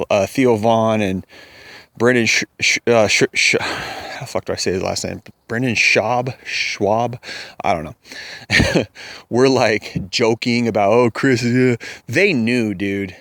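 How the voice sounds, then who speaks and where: A man's voice: medium pitch, a bit bright, no room sound. A young man ranting in a heated, profane, rambling commentary as a vlogger.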